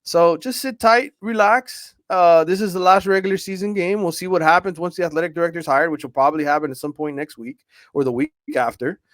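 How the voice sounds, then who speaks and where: A man's voice: a little high, steady tone, fast, no room sound, clean studio sound. A man, a sports reporter guest on a radio show, talking in casual conversation with stammered restarts and a reassuring tone. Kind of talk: casual interview chat.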